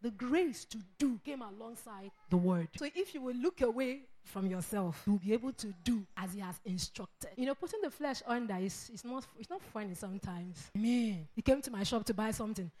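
Woman preacher, middle-aged, pitched a bit high, animated delivery. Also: normal speed, hardly any pauses. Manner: animated, acts out quoted voices, laughs often. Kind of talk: sermon.

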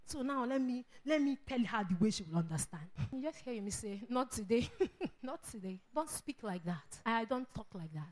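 A middle-aged woman preaching a sermon, acting out quoted voices and laughing often. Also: mid-range voice.

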